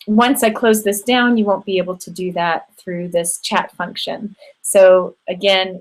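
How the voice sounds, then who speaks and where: A woman's voice: mid-range voice, low-quality recording. A middle-aged woman hosting an online women's circle, wrapping up with encouraging, affectionate remarks and frequent ums, speaking into a computer mic. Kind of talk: warm closing remarks to a live online group.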